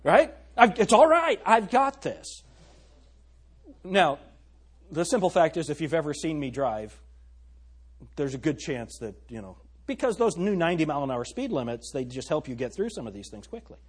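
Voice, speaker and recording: A middle-aged man preaches with a husky, somewhat high voice that rises and falls with lively swings. He is emphatic and keeps turning to the congregation with questions. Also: a little fast. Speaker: pastor. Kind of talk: sermon.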